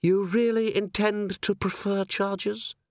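A man voicing a sly, unruffled male vampire nobleman in mock-polite, drawn-out tones. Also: high-pitched, level tone, a little mellow, no echo, clean studio sound, pitched above the performer's own voice. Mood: unruffled evasive. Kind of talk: audiobook character voice.

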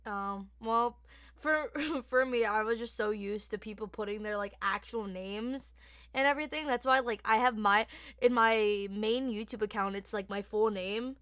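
Giggly young female host, higher voice, dry close sound. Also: normal speed, fairly bright tone, smooth, no echo. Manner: giggly, chatty, hesitant with "um" and "like". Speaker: host, interviewer. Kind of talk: casual chat.

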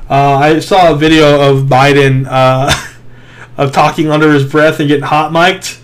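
Young male podcast host, a bit high-pitched, loose and profane banter. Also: flat delivery, moderate pace. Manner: loose, laughing, swears freely. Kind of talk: casual chat.

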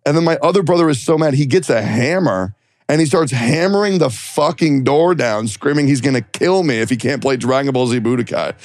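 A young adult man co-hosting a podcast, telling stories in a casual, animated and profane way. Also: medium pitch, brisk, no room sound. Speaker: podcast co-host. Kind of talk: casual chat.

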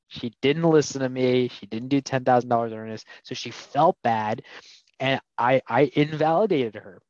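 A man's voice: medium pitch, normal speed, a little mellow, no room sound. Candid man co-host, dry and dull sound. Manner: candid, explanatory, retells conversations. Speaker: podcast co-host. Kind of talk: casual podcast chat.

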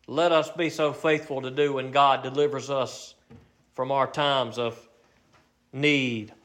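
A man preaching a sermon, slowing for emphasis and rising to fervent exhortation. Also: medium pitch, steady tone, a bit bright.

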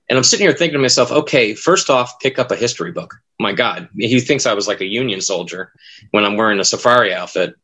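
A man's voice: on the low side, fast, gravelly, sharp tone, husky. A man who works as a haunted attraction actor, telling stories in casual chat and acting out what people said. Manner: rambling storyteller, acts out quoted lines.

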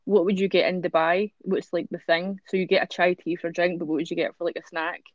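A woman's voice: fairly low pitch, flat delivery, fast talker, no echo, dull audio. A woman hosting a podcast, chatting casually with many fillers and reading out newspaper stories. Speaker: podcast host.

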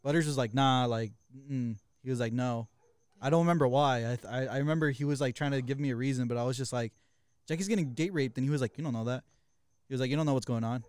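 A young man co-hosting a podcast, retelling a tense night in a profane, fast, casual way with quoted voices. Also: medium pitch, darkish tone, clear, resonant tone, no echo. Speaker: podcast co-host. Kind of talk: casual storytelling chat.

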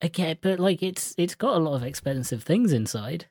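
Low female co-host, sardonic, deadpan jokes, dry recording. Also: normal speed, dry recording. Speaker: podcast co-host. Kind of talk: casual chat reviewing a film.

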